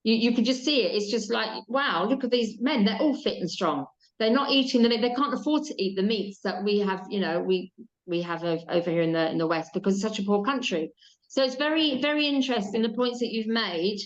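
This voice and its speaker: A woman's voice: mid-range voice, quick pace. Chatty woman host, dull sound. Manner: chatty, enthusiastic, repeats words. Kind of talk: casual chat.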